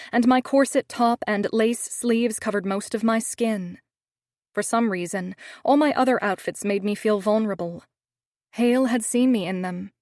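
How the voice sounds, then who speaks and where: A woman's voice: mid-range voice, a little mellow, no echo. A woman narrating a first-person romance audiobook in a wry, snarky tone, on a studio microphone.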